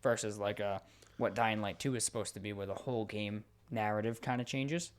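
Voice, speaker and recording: A man co-hosting a podcast in casual chat, excitable and profane, talking in quick bursts. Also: lowish voice, clean tone. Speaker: podcast co-host. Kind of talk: casual chat about video games.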